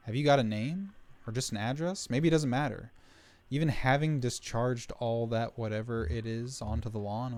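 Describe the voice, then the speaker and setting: A male streamer plays through a narrative game, reading each character's lines out loud with a playful touch and tossing in quick jokes between them. Soft game music plays faintly in the background. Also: medium pitch. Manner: playful, reads game lines aloud between jokey asides. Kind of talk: live game stream, reading dialogue aloud.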